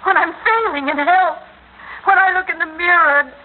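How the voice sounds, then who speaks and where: A woman's voice: very high-pitched, moderate pace. An actress playing a domineering, possessive middle-aged wife and mother in an old radio drama, imperious and doting by turns. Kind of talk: 1950s radio acting. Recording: tinny old radio recording, faint hiss.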